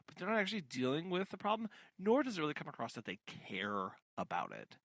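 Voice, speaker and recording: A man in casual podcast chat whose pitch moves a lot as he talks. He explains his points at length and with enthusiasm. His mic is close and dry. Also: wildly swooping pitch, quick pace, creaky, a bit bright, dry recording. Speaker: podcast co-host. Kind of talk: casual book discussion.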